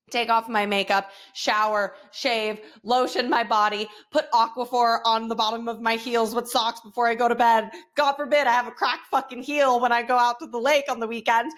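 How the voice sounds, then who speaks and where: Woman in her 30s ranting on her podcast, swears a ton, laughs a lot, voice a bit high. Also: flat delivery, moderate pace, fairly bright tone. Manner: frank, profane, laughs often. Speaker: podcast host. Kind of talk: casual confessional chat.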